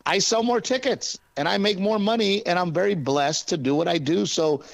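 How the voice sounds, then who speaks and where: A male comedian chatting as a guest in an interview, telling stories with lively acted-out quotes. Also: high-pitched, moderate pace, vocal fry, dry recording, rough recording. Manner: animated storyteller, acts out arguments. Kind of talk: casual interview chat.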